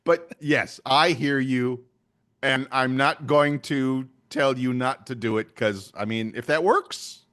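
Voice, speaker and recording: A man's voice: medium pitch, slow, fairly bright tone. An older man co-hosting a podcast, chatty and often laughing. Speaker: podcast co-host. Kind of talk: casual chat.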